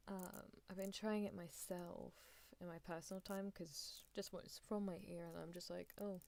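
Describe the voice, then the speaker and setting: A woman on an ASMR stream, rambling in a soft voice and giggling often. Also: lowish voice, vocal fry. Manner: rambling, giggly, self-deprecating.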